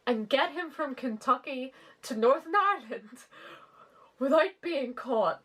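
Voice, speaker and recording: A woman's voice: fairly high pitch, lively intonation, unhurried, a bit bright. A woman in her twenties giving a sarcastic comic read-through of her old fan fiction, laughing often and swearing. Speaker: author reviewing her teen fanfiction.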